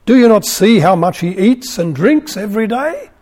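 This is a hot-tempered ancient king, read out by a man. He speaks in loud, emphatic declarations, in a fairly high, warm voice. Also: expressive, normal speed. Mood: commanding. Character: stern ancient male king, quick to anger.

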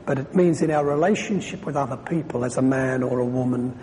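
A man's voice: mid-range voice, brisk, warm tone, in a large hall, slight background noise, rough recording. A man preaching a sermon on scripture in a conversational way, thinking aloud and restarting sentences.

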